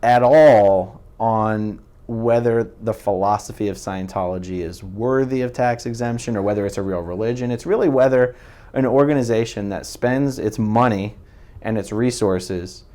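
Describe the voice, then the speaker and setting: A man's voice: fairly low pitch, normal speed, warm tone. A man hosting an interview, probing questions and recapping his guest's points. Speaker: interview host. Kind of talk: conversational interview.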